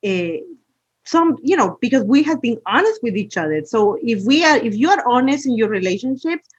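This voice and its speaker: Lady on a podcast, high breathy voice, muffled lo-fi line. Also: very animated, normal speed, no echo. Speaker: podcast guest. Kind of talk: casual chat.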